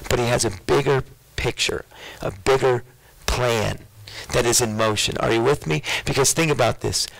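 A man's voice: mid-range voice, moderate pace, creaky, fairly bright tone, poor audio. A man preaching a sermon as a pastor, calling out questions to his congregation. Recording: radio broadcast of a church sermon.

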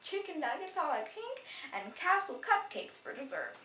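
A woman's voice: high-pitched, sing-song, normal speed, pushed and bright, slight background noise, pitched above the performer's own voice, heavily acted. A woman voicing a cheerful dad announcing dinner grandly, in a roomy, distant recording.

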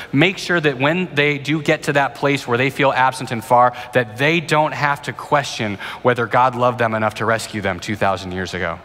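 Youngish guy pastor, earnest chatty sermon, bright voice, big church hall echo. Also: medium pitch. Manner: earnest, conversational, with frequent restarts. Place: church auditorium.

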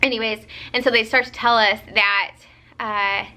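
A young woman vlogger, tired, chatting casually to camera and telling a story in an animated way with lots of fillers. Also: fairly high pitch, moderate pace.

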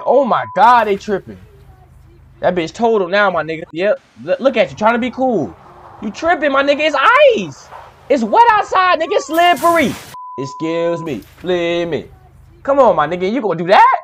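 A young man commenting on fail clips in a casual reaction video. His voice sits high and swings widely in pitch. He is animated and exclamatory, swears freely and laughs often. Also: moderate pace, a little hiss or hum.

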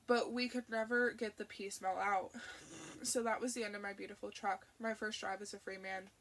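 A woman reading an audiobook, voicing a middle-aged dad who jokes easily and speaks gently and soothingly. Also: mid-range voice, steady tone, normal speed, a little hiss or hum, natural voice.

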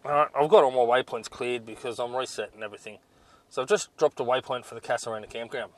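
A man's voice: medium pitch, steady tone, quick pace. Blunt exasperated man. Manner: blunt, exasperated, with frequent ums. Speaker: 4WD touring vlogger. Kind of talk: casual vlog review.

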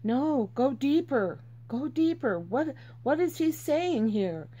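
A woman's voice: high voice, lively intonation, takes it slowly, mellow, husky. A woman reading Bible verses aloud and teaching from them in an earnest, informal way, repeating herself for emphasis.

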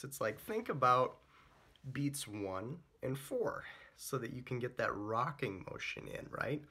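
Young guy explaining trumpet etudes, laid-back chat, bright kinda husky voice. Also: medium pitch, measured pace. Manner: chatty, relaxed, scats and sings phrases. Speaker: trumpet teacher. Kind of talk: casual music lesson.

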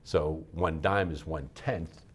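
Deep, husky-voiced male math show host. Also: fairly even intonation, slow. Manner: patient, coaxing, checks in often with "all right?". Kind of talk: friendly classroom-style teaching. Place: TV studio.

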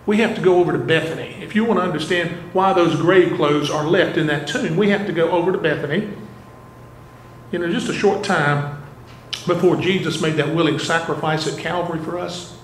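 A man's voice: a little high, a little hiss or hum. A man preaching a sermon as a pastor, earnestly putting rhetorical questions to his congregation. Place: church sanctuary. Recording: echoey church room, faint ambience.

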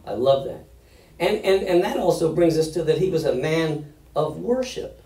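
A man preaching to a congregation, with a mellow, dark voice. He is heard from a distance in a roomy, echoing space. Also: expressive, moderate pace. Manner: booming when reading quoted lines, laughs at his own slips. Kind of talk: sermon with scripture reading. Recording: echoey room, mic at a distance.

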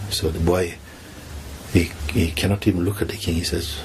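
Deep low-voiced guy telling a spiritual story, soft, does the characters' lines, faint hiss behind. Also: steady tone, moderate pace. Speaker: spiritual teacher.

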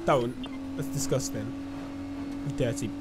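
A man's voice: medium pitch, takes it slowly. A young man giving chatty, self-mocking commentary while playing a video game. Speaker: gaming YouTuber. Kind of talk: let's-play commentary. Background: game music.

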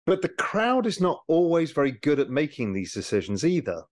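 A British man speaking as an interview guest, animated and explanatory, with a lively way of making his points. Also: a little high, moderate pace. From Britain. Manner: animated, explanatory, mimics people for effect. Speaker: guest, former hedge fund manager. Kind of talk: conversational interview.

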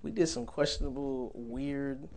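A man's voice: medium pitch, a little slow, darkish tone. A young man giving a sermon in a church, conversational and humorous, laughing often. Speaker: preacher.

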